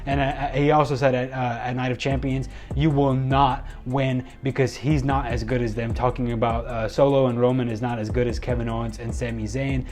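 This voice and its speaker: A man giving a casual, excitable spoken recap of a wrestling show, rambling and restarting his sentences often. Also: medium pitch, moderate pace, few pauses.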